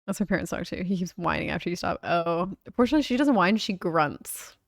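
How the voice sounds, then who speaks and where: A woman's voice: fairly low pitch, animated, brisk, dry recording, studio quality. A young woman streamer chatting casually and relaxedly, with lots of "like" fillers. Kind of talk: casual livestream chat.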